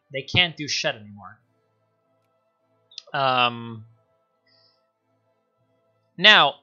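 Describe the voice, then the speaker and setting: A man livestreams a strategy game, laughing, swearing and getting excited as he talks through his moves. His voice sits in the mid-range, and the sound is lo-fi.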